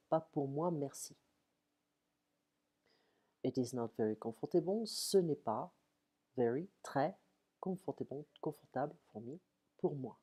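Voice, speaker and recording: A woman's voice: rumbling low, mellow, breathy edge. A woman teaching a French lesson online from home, saying phrases in English then French and checking in with "okay?" often. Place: home at night.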